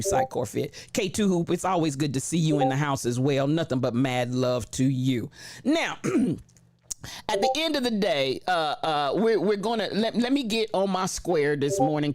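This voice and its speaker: A livestream host in casual chat, reading viewer comments aloud with slangy shout-outs and frequent laughter. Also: medium pitch, no room sound.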